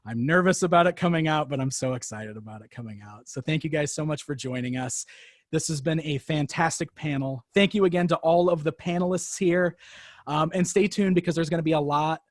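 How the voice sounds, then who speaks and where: A man's voice: fairly high pitch, a little fast, no room sound, clean studio sound. A man closing an online fan panel as moderator. He talks in an earnest, grateful way, with frequent fillers. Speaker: panel moderator and book author.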